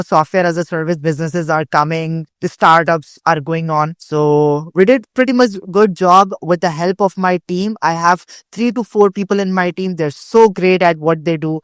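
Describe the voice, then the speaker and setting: On an interview show, a young man from Pakistan who runs a digital marketing agency shares his career story casually and earnestly, with many repeated starts. His voice is a little high, fairly bright and clean, with clean studio sound and no echo.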